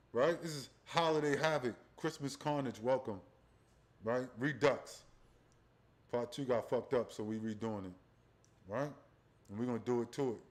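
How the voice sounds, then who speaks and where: A man hosting a profane religious commentary livestream, rambling and talking straight to his viewers, often tacking on "right?". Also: mid-range voice. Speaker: livestream host.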